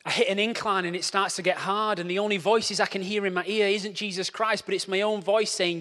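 A young man preaching a lively, joking sermon, acting out scenes and putting on quoted voices. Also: high-pitched, a little fast, hardly any pauses. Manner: playful, animated, acts out scenes with quoted voices. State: out of breath after a race. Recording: long hall reverb.

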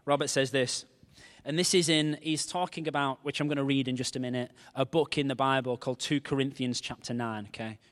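A male pastor, preaching a sermon with animated, jokey storytelling. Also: mid-range voice, brisk, in a large hall.

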